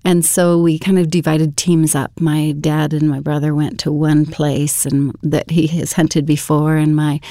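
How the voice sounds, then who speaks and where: Woman, mellow tone, conversational storyteller, dry studio sound. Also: low voice, level tone, unhurried, hardly any pauses, dry recording. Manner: conversational, full of fillers and self-corrections. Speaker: guest telling her story. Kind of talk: personal testimony storytelling.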